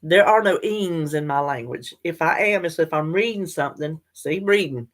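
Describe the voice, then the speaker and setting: A woman's voice: low-pitched, moderate pace. An older woman, chatting casually and directly to her viewers in a vlog. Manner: chatty, animated, talks straight to viewers. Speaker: vlogger.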